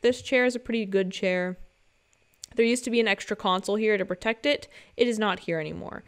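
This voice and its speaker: Smooth-voiced young woman explaining a game. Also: medium pitch. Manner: chatty and playful, joking asides. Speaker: gaming guide creator. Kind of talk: casual game tutorial commentary. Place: home.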